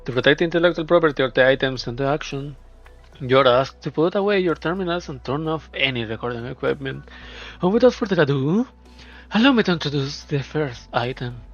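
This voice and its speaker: A man voicing a formal male auctioneer who announces the items and bids in a brisk, showy way. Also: a little high, lively intonation. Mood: announcing. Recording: dull lo-fi, faint music.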